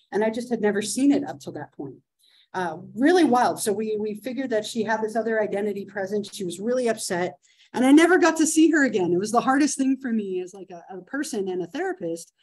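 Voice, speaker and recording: A psychology instructor in her thirties tells a case story to her class in a relaxed, chatty lecture, often asking "right?" and filling gaps with "uh" and "um." She speaks at a medium pitch with a darkish tone, over poor audio.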